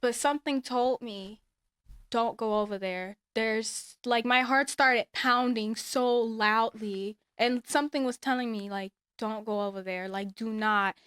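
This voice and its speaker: Smooth, high-voiced woman telling a story. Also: unhurried, no echo, clean studio sound. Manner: animated, acts out others' lines, emphatic advice. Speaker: storyteller sharing a personal experience. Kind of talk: casual storytelling.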